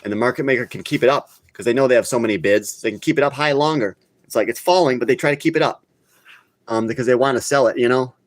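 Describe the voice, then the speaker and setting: A man hosting a live online market chat, talking off the cuff in a blunt, excitable way and scolding his viewers when he gets worked up. His voice sits in an ordinary middle pitch and is recorded dry and close, with no room sound. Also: fast, no room sound. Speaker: crypto channel host. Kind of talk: live casual market talk.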